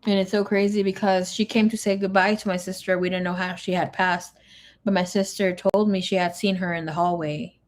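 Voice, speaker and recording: A woman's voice: lowish voice, flat delivery, fairly quick. Chatty woman tarot reader on a live stream. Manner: chatty, reads viewer comments aloud, slips into Spanish words. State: emotional, grieving. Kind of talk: casual live-stream chat.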